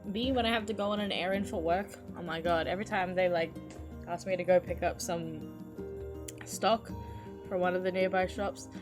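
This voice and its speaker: A woman's voice: lowish voice, steady tone, moderate pace. A woman streamer reading a game's story aloud, breaking off to swear and chat casually. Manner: casual, swears at the game, chatty asides. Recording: voice with loud game music behind.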